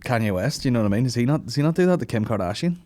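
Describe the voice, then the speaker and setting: A man, hosting a comedy podcast in a profane rant, mocking people in loud put-on voices. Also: mid-range voice, expressive, rapid-fire. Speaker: podcast host.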